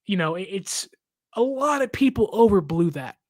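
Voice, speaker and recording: A man's voice: high-pitched, very animated, normal speed, no room sound. A young adult man hosting a sports podcast, talking casually in a chatty way, laughing often and acting out fans' complaints. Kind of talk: casual reaction commentary.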